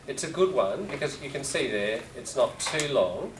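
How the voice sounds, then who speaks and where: A man's voice: medium pitch, lively intonation, moderate pace, noisy background. A man teaching a class in a casual, rambling lecture with asides to students. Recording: roomy classroom, voice from a distance.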